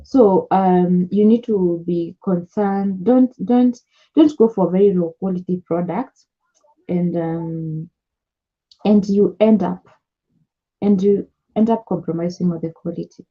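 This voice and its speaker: A young Kenyan woman talks through business tips in a casual, repetitive coaching style, moving between English and Swahili. Her voice is a little husky. The recording sounds dull and lo-fi. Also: on the low side, unhurried. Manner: chatty, repeats key points, mixes English with Swahili. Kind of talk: casual advice talk to camera.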